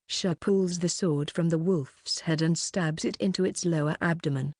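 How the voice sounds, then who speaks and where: A woman reads a novel aloud in a low, level voice, taking each line at a measured pace. The recording is dry and close, with no room sound around her. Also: fairly even intonation, darkish tone, no echo. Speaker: audiobook narrator. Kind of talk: scripted narration.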